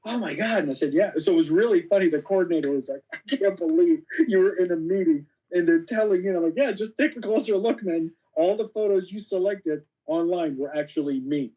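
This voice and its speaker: Man telling lively stories with quoted dialogue. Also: a little high, a little fast, hardly any pauses, muffled recording. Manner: animated anecdotes, acting out quoted dialogue; frequent fillers like "you know". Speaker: podcast guest. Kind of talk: casual storytelling interview.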